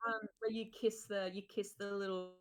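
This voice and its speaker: A woman's voice: mid-range voice, level tone, moderate pace. A chatty woman streamer hosting a casual group conversation, laughing often and tripping over her words. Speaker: streamer hosting a sleepover chat.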